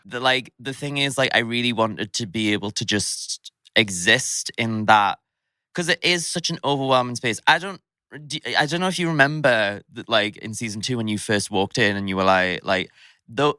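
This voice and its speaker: A man's voice: medium pitch, bright, forceful tone, smooth, no echo, studio quality. A young man from South Shields with a Geordie accent, chatting as a podcast guest and acting out quotes in funny voices. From South Shields, England. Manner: rambling, acts out quotes in character voices. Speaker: podcast guest, drag artist. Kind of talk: casual chat.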